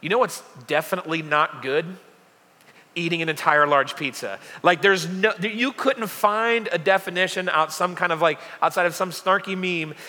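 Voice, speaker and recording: A young adult male pastor preaches a casual sermon in a church hall, chatty and joking with lots of fillers, and the recording carries a long hall reverb. His voice is high-pitched and sharp, at a normal speed.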